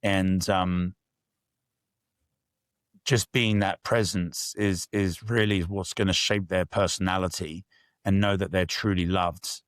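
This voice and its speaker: Man, deep voice, dry close sound, candid, reflective. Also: steady tone, slow, no room sound. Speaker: podcast guest. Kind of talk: casual interview storytelling.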